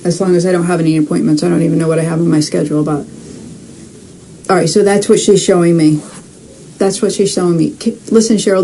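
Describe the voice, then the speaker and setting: Woman, livestream host, casual chatty talk, mellow tone, faint hiss behind. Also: mid-range voice, rough recording. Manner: chatty, swears, speaks to viewers by name. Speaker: psychic medium host. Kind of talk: live-streamed reading.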